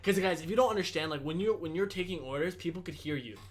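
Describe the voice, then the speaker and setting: A teenage man hosting a casual podcast chat, telling animated stories and swearing freely. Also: fairly high pitch, quick pace. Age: teens. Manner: animated storyteller, swears freely, acts out customer exchanges. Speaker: podcast host.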